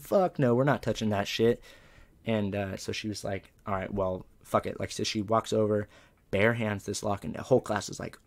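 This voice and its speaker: A man's voice: lowish voice, gravelly. A young male comedian telling loose, profane stories in a casual, rambling way. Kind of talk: casual storytelling interview.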